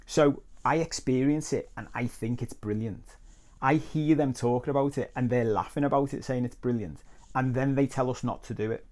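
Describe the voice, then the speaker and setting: A man's voice: mid-range voice, a little mellow. A man hosting his own coaching podcast and telling a story from childhood. His talk is conversational and reflective, with the odd crude aside. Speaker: life coach and podcast host.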